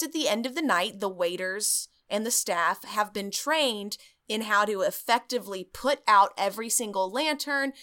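A woman co-hosting a podcast, telling a story in an animated, joking way. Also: medium pitch, smooth. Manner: animated storyteller, jokey, swears. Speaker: podcast co-host. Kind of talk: casual chat.

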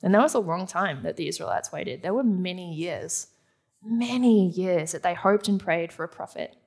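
A woman's voice: on the low side, normal speed, darkish tone, breathy edge. A woman preaching a sermon to a live audience in a teaching manner, asking the room questions and answering them.

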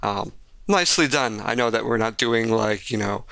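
A man's voice: fairly low pitch, moderate pace, gravelly, bright, forceful tone, dry recording. A man co-hosting a casual podcast chat, wry and joking with rambling asides. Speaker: podcast co-host.

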